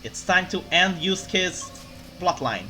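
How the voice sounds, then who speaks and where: A let's play streamer casually commenting on a game in a playful, animated way. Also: medium pitch, takes it slowly.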